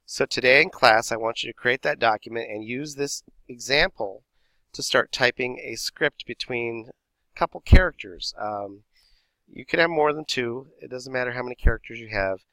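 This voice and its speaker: A man's voice: medium pitch, moderate pace, pushed and bright, dry recording, low-quality recording. A man teaching a theatre class, explaining script format step by step and reading examples aloud. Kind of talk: recorded class lesson.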